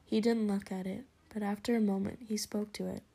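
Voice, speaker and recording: A woman reads a storybook in whispered role-play, her voice breathy and mellow. The pitch stays flat and even, hushed from line to line. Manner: slow, hushed storybook reading.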